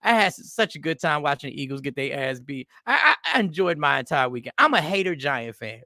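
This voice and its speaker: A man hosting a podcast, telling rambling stories in a loose, animated comedic monologue. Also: fairly high pitch, fairly quick, dry recording, studio quality. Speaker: podcast host.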